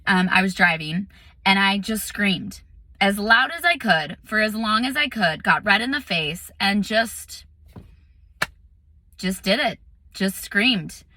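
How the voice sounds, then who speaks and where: Chatty bright-voiced woman meditation teacher. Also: medium pitch, slow pace. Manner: chatty, lots of "like" and "um"; animated storytelling. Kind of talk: casual vlog talk.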